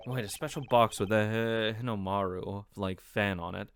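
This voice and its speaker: A man hosting a game playthrough, making sardonic, deadpan asides. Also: low-pitched, normal speed, few pauses, soft background music. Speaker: let's play host. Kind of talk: game commentary.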